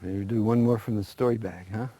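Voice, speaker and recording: A man telling traditional folktales in a relaxed, conversational way, with small restarts. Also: on the low side, a little fast. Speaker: storyteller guest. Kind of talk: oral folk storytelling.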